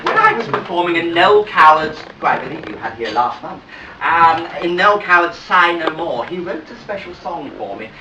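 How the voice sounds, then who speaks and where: A man's voice: on the high side, noisy background, lightly acted. A man impersonating a gracious, chatty English lady entertainer, confiding stage anecdotes and singing comic songs to piano at a live pub show. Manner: gently confiding patter, then music-hall singing. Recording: roomy live sound from a distance with piano.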